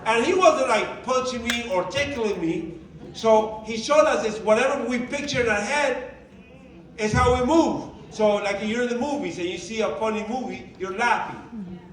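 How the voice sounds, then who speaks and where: A man's voice: extremely high pitch, normal speed. A man presenting a motivational workshop to a live group, talking in a conversational, emphatic way and asking many rhetorical questions. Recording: echoey room, mic at a distance.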